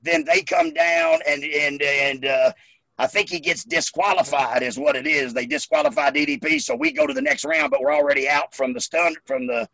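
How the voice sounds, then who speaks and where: A man with a high, lively voice, heavy vocal fry crackling under nearly every phrase. He tells profane, animated backstage stories as a former wrestler. His tone is bright and cuts through, sounding close and dry. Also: normal speed, dry recording. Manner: animated, swearing, laughing through the story. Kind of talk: profane storytelling.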